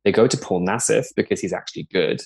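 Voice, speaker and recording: A man's voice: deep voice, quick pace, vocal fry, darkish tone, slightly rough. Podcast guest: man, upper-middle-class London accent, loose gossipy chatter. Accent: posh London English. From England. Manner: chatty, gossipy, lots of "like" fillers. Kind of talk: casual chat.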